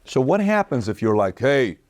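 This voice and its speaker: A man hosting an opinion commentary, talking straight to viewers in an animated, mocking way. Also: on the low side, brisk, no echo, studio quality. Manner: animated, mocking, acts out quoted women in a raised voice; addresses viewers directly. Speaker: host.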